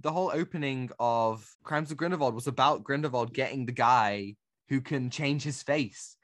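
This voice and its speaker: A man's voice: mid-range voice, moderate pace, hardly any pauses, fairly bright tone, no echo, studio quality. A man co-hosting a casual film review podcast, critiquing with exasperated, ranting energy. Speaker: podcast co-host.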